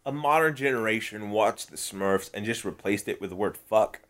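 A man's voice: on the low side, lively intonation, normal speed, a bit bright. A man co-hosting a podcast, riffing playfully in casual comedic chat and swearing freely. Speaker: podcast co-host.

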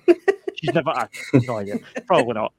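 A young man on a gaming podcast, telling a long story in a rambling, animated way with lots of fillers and restarts. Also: medium pitch, quick pace, a crowd in the background. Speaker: podcast panelist. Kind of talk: casual chat.

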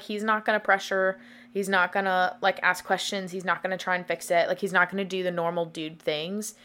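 A young woman in her twenties chats on her podcast in a loose, rambling way, filling her sentences with "like". She talks openly and emotionally, at a middle pitch for a woman. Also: fairly bright tone. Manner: rambling, many "like" fillers, open and emotional. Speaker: podcast host. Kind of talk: casual confessional chat.

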